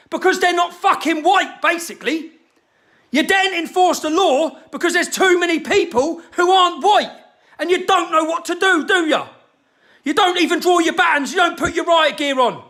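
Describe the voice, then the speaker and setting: Furious high-pitched man ranting. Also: normal speed. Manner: shouting, heavy swearing, hectoring questions. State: angry. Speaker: activist ranting to camera. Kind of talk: angry direct-to-camera rant.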